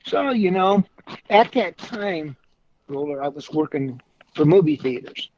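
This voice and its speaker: A man's voice: a little high, animated, measured pace, darkish tone, a little hiss or hum. A man in his sixties, a car club member, telling long rambling anecdotes in a folksy, casual way with mild swearing. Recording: dull lo-fi recording.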